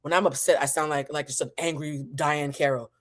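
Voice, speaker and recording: A woman's voice: low voice, steady tone, brisk. A woman from New England telling a long, profane personal story in a casual way, acting out the voices of the people in it. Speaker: host.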